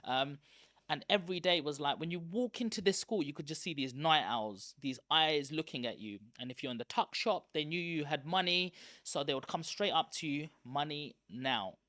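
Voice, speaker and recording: A man, a guest telling candid stories from his school days in a lively, chatty way. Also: a little high, normal speed, dry recording, clean studio sound. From East London, England. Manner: lively, chatty, self-aware. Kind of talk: candid personal storytelling.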